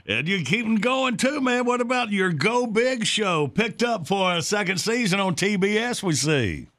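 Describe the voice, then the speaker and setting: A high-voiced man hosting a morning radio interview, with a bright, forceful tone. He sounds upbeat as he pitches dates and tickets, in a studio broadcast sound. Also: expressive, moderate pace. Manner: upbeat, plugs tour dates. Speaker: radio host.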